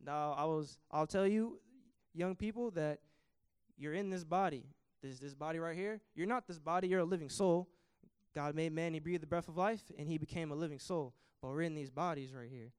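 Impassioned high-voiced young preacher. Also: male voice, clear, resonant tone, no echo, clean studio sound. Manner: impassioned preaching, surges in volume on scripture quotes. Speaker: youth preacher. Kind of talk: sermon. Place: church.

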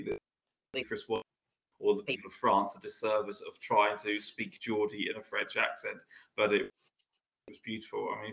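A man's voice: lowish voice, creaky, fairly bright tone, low-quality recording. A man co-hosting a casual football podcast, rambling and hesitant with lots of fillers. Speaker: podcast co-host. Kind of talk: casual chat.

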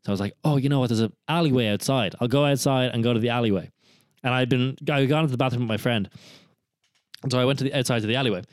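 Young male podcast co-host, rambly with restarts, mid pitch. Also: racing, smooth, no echo. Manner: rambling storyteller, frequent restarts. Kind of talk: casual chat.

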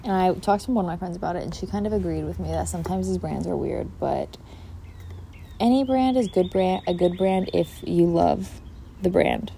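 Young woman host, low and gravelly, mellow; rambling casual podcast chat with a faint outdoor hum behind. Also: animated, moderate pace. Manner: rambling, casual, swears freely, filler-heavy. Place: outdoors in a backyard. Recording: faint outdoor background noise. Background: outdoor ambience.

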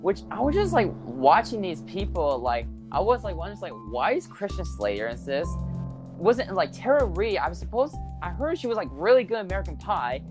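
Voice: medium pitch, big pitch swings, brisk, music in the background. A speaker in casual chat giving blunt, exasperated opinions on a movie. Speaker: movie reviewer.

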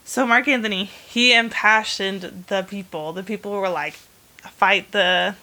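Female host, mid pitch, bright and sharp tone, chatty rambling storyteller with a playful streak. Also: moderate pace. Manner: animated retelling of history with bursts of humor. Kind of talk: casual chat.

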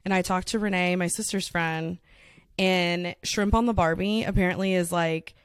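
A woman's voice: lowish voice, fairly even intonation, clean tone, no room sound, studio quality. A young woman co-hosting a podcast, chatting casually and peppering her talk with "like.". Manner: chatty, fillers of "like", quick laughs. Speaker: podcast co-host. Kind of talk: casual chat.

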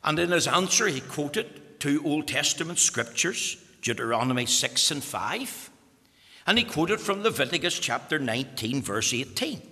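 A male preacher delivers a sermon in a bright, forceful voice that rises and falls with lively emphasis. His pitch sits a little high for a man, and his words ring out with a long echo as if filling a large church hall. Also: normal speed. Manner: emphatic, explanatory preaching to young listeners.

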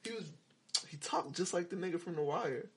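A man co-hosting a podcast in casual chat, an animated storyteller who laughs through his lines. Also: on the high side, fairly quick. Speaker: podcast co-host.

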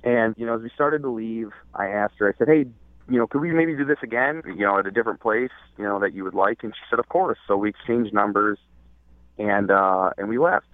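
A man's voice: lowish voice, expressive, fairly quick, no room sound. A man calling in by phone, telling his story in a hesitant way with lots of fillers. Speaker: caller. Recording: tinny phone line.

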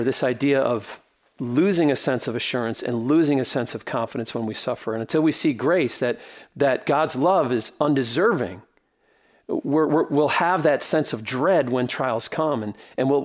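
A middle-aged man preaching a sermon as pastor, earnest and rhythmic, often dropping to a soft, quiet delivery. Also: mid-range voice, normal speed.

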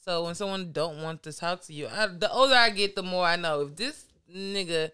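Bright-voiced woman pushing back. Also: lowish voice, a little fast, clear, resonant tone. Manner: questioning, pushes back. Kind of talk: casual chat.

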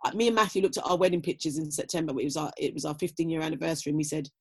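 Middle-aged woman, husky breathy voice, chatty reflective guest, lots of you knows. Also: low-pitched, rapid-fire, a little mellow. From Britain. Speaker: guest, former athlete. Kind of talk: casual conversational interview.

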